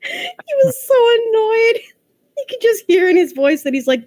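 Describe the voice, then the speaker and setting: High-voiced woman, lively and giggly, unhurried retelling, casual chat. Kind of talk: casual chat among friends.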